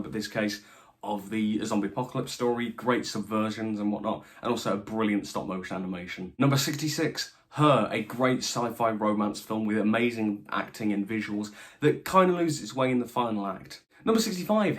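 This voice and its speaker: Upbeat young man ranking films. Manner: enthusiastic, announces each rank with a lift in pitch. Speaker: film reviewer. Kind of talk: casual ranked list commentary.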